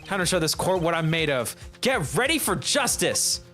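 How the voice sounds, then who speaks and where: Man doing an earnest young lawyer from a game, stammering, lively pitch swings, faint game music behind. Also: moderate pace. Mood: determined. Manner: flustered, stammering. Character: young male defense attorney, nervous but earnest. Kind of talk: fan voice acting of a game.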